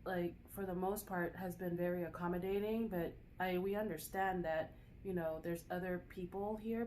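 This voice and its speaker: A woman's voice: on the low side, a little mellow, a little hiss or hum, rough recording. A woman in a casual vlog, the host's wife, adding details and finishing her husband's sentences in a hotel room. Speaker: vlogger's wife.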